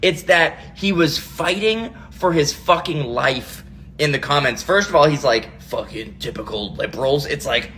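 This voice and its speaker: A man's voice: on the high side, a little slow, sharp tone, faint music behind. A man in his thirties doing a profane, exasperated comic rant about parenting. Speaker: comedian.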